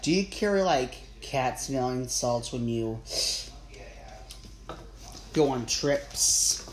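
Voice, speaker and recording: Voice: medium pitch, animated, slow pace, voice pushed down. Flustered small-town cop, rambling and earnest , read by an audiobook narrator; roomy room. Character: nervous small-town policeman, man. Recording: roomy with faint ambience.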